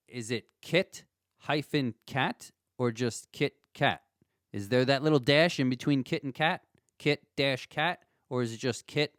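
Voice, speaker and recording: A man hosting a podcast trivia game, playful and animated, with ranting asides. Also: mid-range voice, no echo. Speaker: podcast host.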